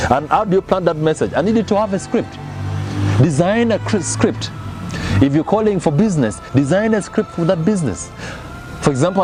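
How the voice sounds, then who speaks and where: A man's voice: medium pitch, dark tone. A man giving a motivational sales lesson, emphatic and repeating his key phrases as he addresses the audience directly. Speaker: sales trainer.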